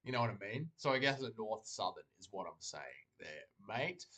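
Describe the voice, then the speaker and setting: A man's voice: fairly low pitch, very animated, normal speed, fairly bright tone. Jokey New man streaming. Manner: jokey, rambling, reads chat aloud. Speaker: livestream host. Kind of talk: casual livestream chat.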